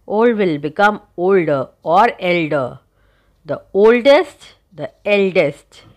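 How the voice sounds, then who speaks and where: Woman teacher, unhurried delivery, patient explaining to students. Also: fairly low pitch, animated, darkish tone. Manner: slow, careful explaining, spelling out letters. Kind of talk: recorded grammar lesson.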